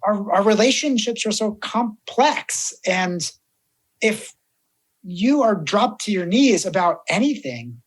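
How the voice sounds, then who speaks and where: Speaking slowly in a high-pitched voice, a man who works as a death doula chats casually as a podcast guest. He tells stories with animation and performs the voices of the people he quotes.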